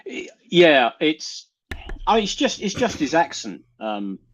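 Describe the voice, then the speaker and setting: A man's voice: on the high side, big pitch swings, slow pace, fairly bright tone, a little hiss or hum. A man hosting a casual group chat on a live stream, rambling and blunt, often restarting his sentences. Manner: rambling, self-interrupting, blunt. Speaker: show host.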